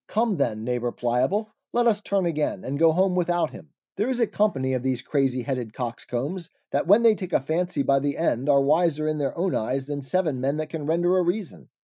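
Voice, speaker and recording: Brief: a stubborn, scornful neighbour, dismissive and mellow-toned, dull recording, voiced by a male narrator. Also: a little high, animated, a little fast, few pauses. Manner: scornful, dismissive, archaic speech.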